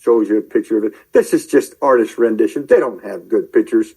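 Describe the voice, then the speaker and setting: A man preaching in a rambling commentary, shouting angry tirades at his listeners and then muttering to himself as he browses his screen. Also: lowish voice, brisk, hardly any pauses, husky, low-quality recording. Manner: addresses listeners directly, calling out believers. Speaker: online preacher.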